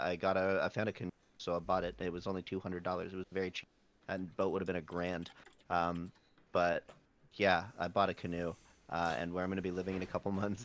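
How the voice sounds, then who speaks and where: A man hosting a casual podcast chat, relaxed and rambling, with bursts of excitement. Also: low voice. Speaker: podcast host.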